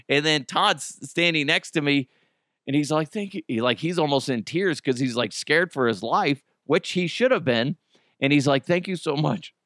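A man's voice: no room sound, clean studio sound. A man hosting a podcast, telling a story in a casual monologue, acting out the people he quotes and swearing freely. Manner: animated, acts out quotes with big pitch jumps, swears freely. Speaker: podcast host.

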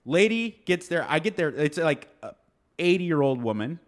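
An animated man telling a story in casual chat, his voice sitting a little high and swinging widely in pitch. He acts out the people he quotes. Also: moderate pace. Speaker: podcast co-host telling a story.

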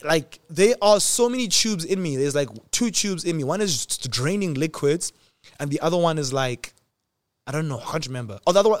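A man in his twenties telling a personal story in casual chat, animated, acting out quotes with sudden jumps in pitch and loudness. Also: dry recording. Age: 20s. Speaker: host.

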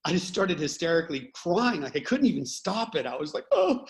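Higher-voiced man, reflective and open. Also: sing-song, fairly quick. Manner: reflective, openly emotional storyteller. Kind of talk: casual conversation.

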